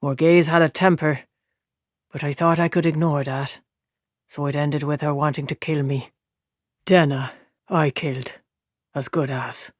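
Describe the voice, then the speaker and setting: A man voicing a weary, drunk old gleeman in an audiobook, low and murmuring. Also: steady tone, a little slow, pauses often, no room sound, studio quality. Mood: maudlin. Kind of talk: audiobook character voice.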